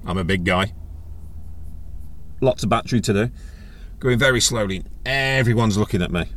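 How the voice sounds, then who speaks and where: Low-voiced man, rambling anecdotes. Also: normal speed, a bit bright. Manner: rambling, wry, self-mocking storytelling. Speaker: podcast host. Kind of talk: casual anecdotal monologue. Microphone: USB webcam microphone plugged into a phone.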